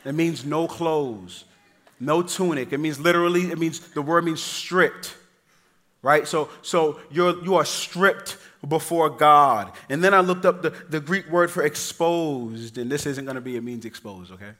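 Male pastor, fairly high voice, lively sermon delivery that swings from loud to near-quiet. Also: unhurried. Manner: animated storytelling, acting out voices of his kids; casual, addresses the congregation as y'all.

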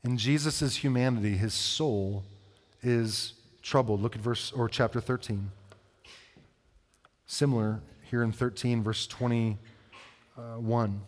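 A man preaching a sermon, reading scripture and explaining it in a conversational way, asking the listeners questions and slowing down for the verses. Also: medium pitch, fairly even intonation. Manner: conversational, asks the congregation questions. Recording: long hall reverb.

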